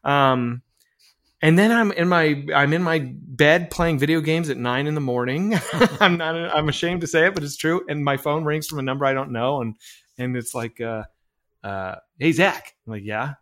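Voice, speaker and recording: A filmmaker telling a long story in a casual interview, full of fillers and restarts, acting out bits of dialogue. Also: male voice, a little high, normal speed. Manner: animated anecdote-telling with many fillers and restarts; acts out quoted dialogue. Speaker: filmmaker guest.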